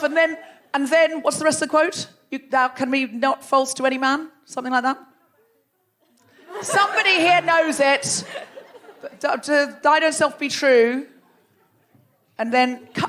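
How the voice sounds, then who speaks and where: A woman's voice: high voice, normal speed, a bit bright. A woman hosting a live comedy show, bantering playfully and teasing the audience from a theatre stage. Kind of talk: live stand-up crowd work.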